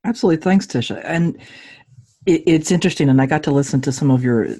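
A woman in her forties tells her story as a podcast guest. She talks in a husky voice. She jokes along the way and acts out other people's lines with big jumps in pitch. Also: quick pace. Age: 40s. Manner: jokey, acts out dialogue with lively pitch jumps. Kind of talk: animated personal storytelling.

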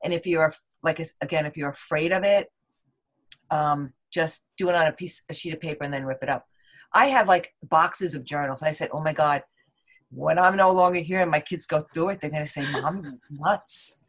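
Woman guest, lowish voice, animated and rambling, casual interview talk. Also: a little fast. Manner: animated, rambling, heavy on "like" and "you know". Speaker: podcast guest.

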